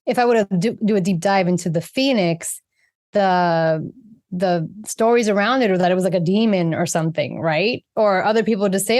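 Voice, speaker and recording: A woman who is a guest on a podcast, speaking in an expressive, earnest way about her inner life. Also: medium pitch, normal speed. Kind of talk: heartfelt spiritual conversation.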